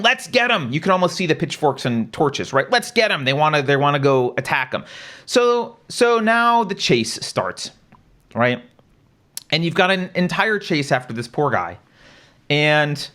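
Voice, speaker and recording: Animated man narrating with rhetorical questions. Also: on the high side. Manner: walks through events with rhetorical questions; casual, conversational, says "right?" often. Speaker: show host. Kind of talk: live-stream commentary.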